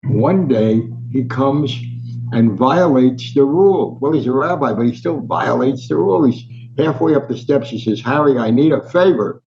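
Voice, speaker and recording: A man's voice: mid-range voice, moderate pace, gravelly, dull audio. A man, telling family stories as an interview guest and acting out the voices. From Newark, New Jersey. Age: 90s. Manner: animated anecdotal storyteller, acts out voices. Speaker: guest, sports columnist. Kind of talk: storytelling in an interview.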